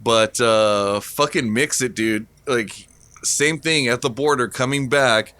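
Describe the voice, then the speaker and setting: A man's voice: medium pitch, slow pace, sharp tone, dry recording. A man co-hosting a casual podcast, telling a story with lots of swearing and laughter. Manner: profane, laughing anecdote-teller. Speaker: podcast co-host.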